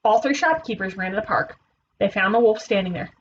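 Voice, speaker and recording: A woman teacher reading a children's picture book aloud, playful and expressive. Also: mid-range voice, fairly quick, highs cut off, slight background noise.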